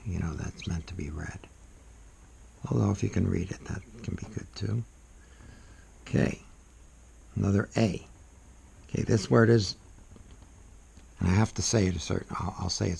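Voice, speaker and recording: Low gravelly guy mumbling thru a calligraphy demo, super husky. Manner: soft-spoken, rambling, trails off into murmurs. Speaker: calligraphy instructor. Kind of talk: casual demonstration while writing.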